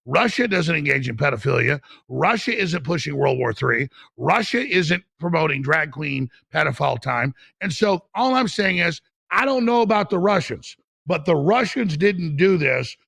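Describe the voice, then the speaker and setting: Guest: gravelly, bright-edged middle-aged man, fiery, stammers through restarts. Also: a little high, sing-song, normal speed, no echo. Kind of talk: impassioned political talk.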